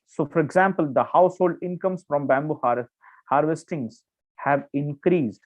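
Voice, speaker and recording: An Indian English man lectures on current affairs for exam candidates, his voice a touch high. He works through points with repeats, fillers and frequent "okay"s. The sound is narrow and tinny, like a phone line. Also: moderate pace. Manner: explains with many restarts and fillers, checks in with "okay". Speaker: exam coaching teacher.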